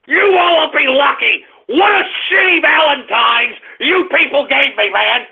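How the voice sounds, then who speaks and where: A man voicing a furious, squeaky-voiced radio host who shouts and curses at his audience in an exasperated rant. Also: measured pace, gravelly, heavily acted. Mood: fed up. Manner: shouting, cursing, exasperated ranting. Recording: tinny phone-line radio stream.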